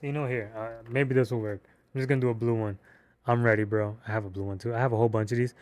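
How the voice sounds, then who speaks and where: Man, casual movie review, excitable, slangy, rambling, dry close sound, mid pitch. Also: fast talker, no room sound.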